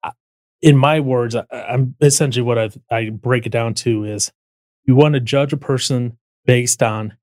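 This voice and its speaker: A man's voice: mid-range voice, fairly even intonation, normal speed, darkish tone, no room sound. A man hosting a casual political talk, explaining things step by step with frequent restarts. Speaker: podcast host.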